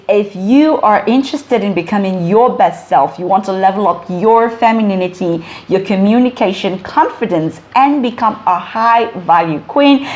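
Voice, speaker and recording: A woman's voice: mid-range voice, darkish tone. Woman giving emphatic advice to camera. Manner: emphatic, list-like repetition of phrases. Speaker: vlogger and communication coach. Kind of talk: direct-to-camera advice talk.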